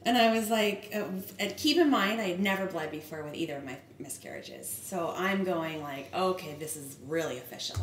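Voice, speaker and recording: A woman's voice: fairly low pitch, normal speed, few pauses. A woman in her thirties telling a personal story in casual chat, candid and emotional. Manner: candid, emotional, acts out quoted dialogue. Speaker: podcast co-host sharing her story. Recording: echoey room with faint noise.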